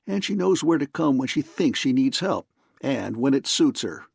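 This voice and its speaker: Man as Sam Spade, surly gravelly detective. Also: mid-range voice, very animated, normal speed, dry recording, studio quality, exaggerated voice. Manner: curt, surly, stubborn. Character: hard-boiled male private detective, surly and grudging.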